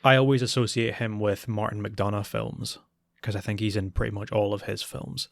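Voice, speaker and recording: Easygoing low-voiced male podcast co-host. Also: little pitch movement, normal speed, gravelly, no room sound, clean studio sound. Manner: brief agreeing replies, easygoing. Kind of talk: casual chat.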